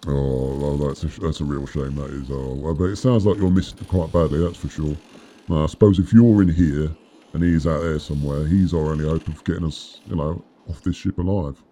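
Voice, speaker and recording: A man's voice: a bass voice, brisk, warm tone. A man voicing an upbeat, chatty captive mechanic who rambles and stammers in a friendly way.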